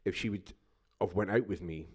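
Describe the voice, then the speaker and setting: A man's voice: deep voice, normal speed, breathy edge. A man co-hosting a podcast, joking and teasing in casual banter. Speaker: podcast co-host.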